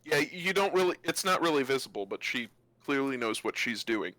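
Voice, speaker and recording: A man narrating a tabletop game for a live stream, casual and a bit distracted, often restarting his sentences. His voice is bright and sits close and dry. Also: mid-range voice, lively intonation, dry recording. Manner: distracted, halting, with many restarts. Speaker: game master.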